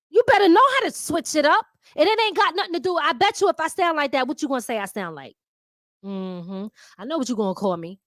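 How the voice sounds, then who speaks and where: A middle-aged woman with a blend of Philadelphia and New York accent talks straight to her viewers in a blunt, slangy monologue, laughing often. Her voice sits high and swoops widely in pitch. The sound is close and dry. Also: no echo. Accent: mix of Philadelphia and New York. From Philadelphia, USA. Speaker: talk show host.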